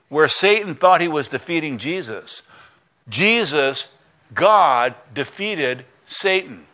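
A pastor takes his sermon slowly, his voice a little high as he retells a story in vivid, plain words. He alternates loud exclamations with soft, hushed emphasis.

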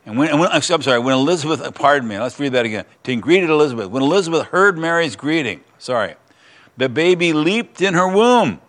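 A man's voice: on the high side, lively intonation, a little fast, fairly bright tone. A man preaching a sermon, reading scripture aloud and adding earnest, emphatic comments in a conversational way. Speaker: pastor.

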